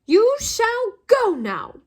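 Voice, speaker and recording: A woman voicing a small, fiercely loyal male house-elf with a shrill, squeaky voice. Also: expressive, slow, sharp tone, heavily acted.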